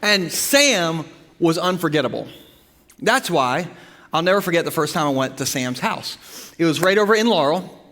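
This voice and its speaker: A male pastor preaching a sermon, his high voice ringing with long reverb through a church sanctuary. He tells stories in an animated, humorous way with sudden bursts of emphasis. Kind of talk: sermon with storytelling.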